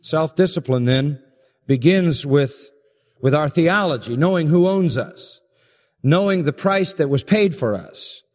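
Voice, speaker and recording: Give me an emphatic man preaching a sermon in a slightly high voice. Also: big-room sound. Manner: earnest, emphatic, builds to forceful peaks.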